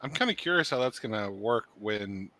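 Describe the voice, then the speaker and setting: A man in a casual podcast chat, joking wryly in animated banter. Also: fairly low pitch, normal speed.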